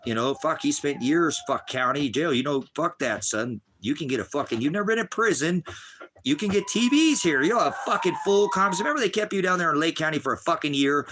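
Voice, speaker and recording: A man's voice: a little high, expressive, fairly quick, fairly bright tone, a little hiss or hum. A middle-aged man ranting on a livestream, talking in an agitated, rambling way and swearing constantly. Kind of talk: angry livestream rant.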